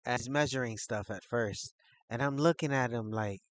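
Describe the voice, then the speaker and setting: A man telling a personal story in a casual, rambling way, full of fillers, who gets animated as he retells it. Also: mid-range voice, normal speed, no echo. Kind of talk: casual spoken anecdote.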